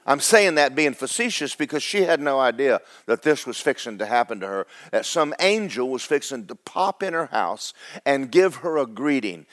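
A man's voice: mid-range voice, very animated, normal speed, fairly bright tone, dry recording, clean studio sound. A man preaching a sermon, folksy and storytelling, acting out the characters. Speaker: pastor.

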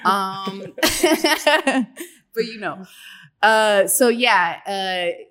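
Giggly chatty actress in conversation. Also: female voice, medium pitch, fairly even intonation, very slow, fairly bright tone. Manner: giggly, rambling storyteller with frequent laughs. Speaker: actress guest. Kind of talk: casual interview chat.

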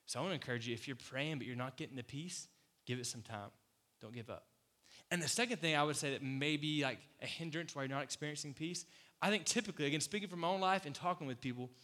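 A man preaching a casual, conversational sermon as pastor, animated, acting out quoted voices and laughing often. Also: on the high side. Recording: long hall reverb.

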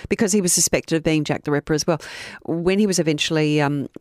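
An Australian woman co-hosting a true crime podcast, telling the story in an excitable, animated way. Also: sits low, fast, no room sound, studio quality. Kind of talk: casual chat.

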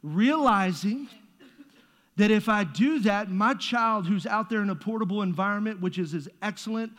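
High-voiced preacher in a reverberant hall. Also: male voice, expressive, moderate pace, a bit bright. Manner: conversational, joking preaching with playful asides. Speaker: pastor. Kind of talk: sermon. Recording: long reverb of a large hall.

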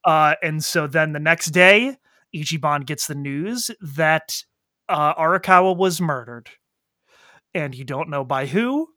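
Bright-voiced man excitedly retelling a plot. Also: fairly high pitch, no room sound, studio quality. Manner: animated, profane storytelling with quick quoted voices. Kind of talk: casual chat retelling a video game plot.

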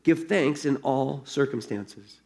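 A man with a gravelly voice reading the lines of a calm, faithful young woman prisoner, matter-of-fact and serene. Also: a little high, measured pace.

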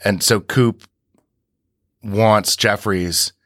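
A man's voice: on the low side, fairly even intonation, very slow, a bit bright, no room sound, clean studio sound. A man co-hosting a podcast, recapping scenes in a rambling way with many restarts. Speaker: podcast co-host. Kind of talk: casual podcast discussion.

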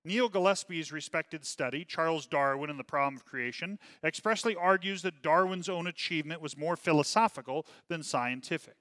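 A man's voice: moderate pace, hardly any pauses, fairly bright tone, dry recording. Man lecturing, dry close sound. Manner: reads aloud then breaks off to comment, asking "okay?" and "right?"; volume rises and falls widely, dropping low on asides. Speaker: teacher; religious teacher. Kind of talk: classroom lecture reading from a text.

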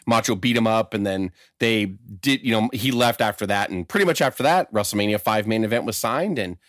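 A man's voice: on the low side, brisk, no room sound, clean studio sound. A man casually chatting on a podcast, telling stories with lots of swearing and acting out quotes. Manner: profane, animated storyteller acting out quotes. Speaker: podcast co-host. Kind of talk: casual chat.

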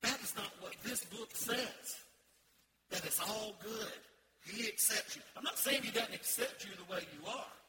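A man's voice: high voice, normal speed, reverberant, in a large hall, heavy background noise. A male pastor preaching a sermon in a church, asking the congregation questions and answering them with emphasis. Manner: emphatic call-and-response preaching. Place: church sanctuary.

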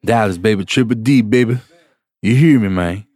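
A man, a music producer, telling a story in casual chat, slangy and animated, acting out the people he quotes. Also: lowish voice, moderate pace, dry recording.

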